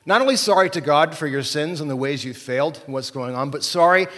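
A man's voice: on the high side, brisk, sharp tone, in a large hall. A man preaching a sermon, talking conversationally and often checking in with "right?" and "okay?". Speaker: pastor.

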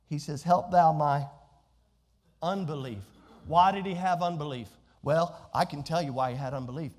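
A man's voice: fairly high pitch, fairly quick. A man preaching a sermon as pastor, calling out questions to the congregation. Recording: long hall reverb.

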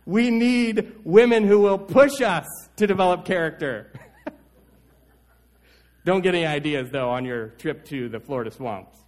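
A man preaching a Sunday sermon as pastor, telling stories with wide swings in pitch and loudness. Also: unhurried.

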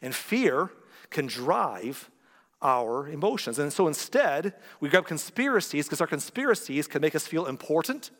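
A fairly high-voiced man preaching in a church, his sermon ringing through the long reverb of a large hall. He keeps it conversational and animated, slipping in joking asides and little impressions of other people. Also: a little slow. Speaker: pastor.

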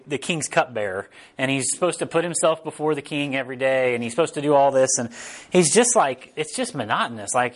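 Man preaching in an easygoing, rambling way. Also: medium pitch. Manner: rambling and informal, often checking in with the audience. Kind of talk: casual conversational sermon.

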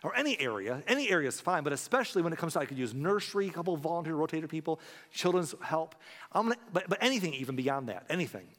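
A man's voice: on the high side, very animated, very fast, a bit bright. A man preaching a sermon as pastor, making an earnest, pleading appeal to his congregation. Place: church sanctuary. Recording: long hall reverb.

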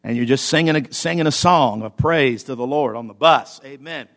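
A man, a pastor, preaching a sermon with animated swings between loud emphasis and quiet asides. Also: mid-range voice, normal speed. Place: church.

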